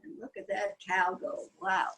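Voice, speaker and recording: A woman's voice: mid-range voice, expressive, slow pace, noisy background. An older woman reading a picture book aloud to young children, sing-song and asking them questions along the way. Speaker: children's storyteller.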